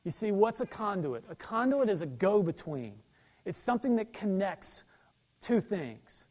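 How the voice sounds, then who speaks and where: High-voiced, slow-speaking male pastor preaching. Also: sing-song, a little mellow. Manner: emphatic, repeats key phrases, reads verses aloud. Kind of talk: sermon.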